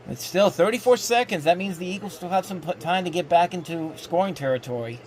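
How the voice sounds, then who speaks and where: A man hosting a live rewatch, giving excitable play-by-play commentary with frequent restarts. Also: high-pitched, brisk. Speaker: host live-reacting to a football game. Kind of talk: casual live sports commentary.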